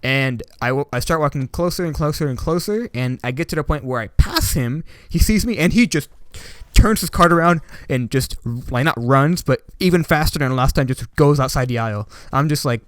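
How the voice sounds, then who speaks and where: A young man telling a personal story to camera in a rambling, animated way, full of filler words. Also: fairly high pitch, moderate pace, clear, resonant tone, no echo. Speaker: YouTuber. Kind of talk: casual storytime monologue.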